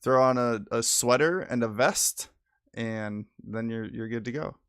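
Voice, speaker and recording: A man's voice: medium pitch, smooth, dry recording, clean studio sound. A young man co-hosting a gaming podcast, cracking crude jokes and stumbling through his sentences. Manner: crude, joking, halting with fillers. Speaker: podcast co-host. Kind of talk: casual podcast banter.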